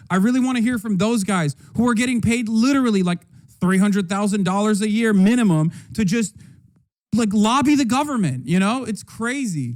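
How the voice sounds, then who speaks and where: A high-voiced man hosts a livestream and reacts to political news. He rants heatedly and sarcastically, swearing freely as he goes. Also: animated, brisk. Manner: heated, profane, sarcastic ranting. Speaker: streamer host.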